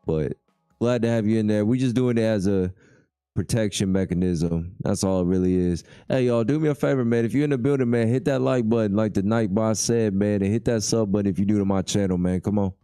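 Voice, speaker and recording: A man's voice: fairly low pitch, fairly quick, mellow, clear, resonant tone, no room sound, clean studio sound, soft background music. A man hosting a casual livestream chat, laid-back and reading viewer comments aloud. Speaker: livestream host.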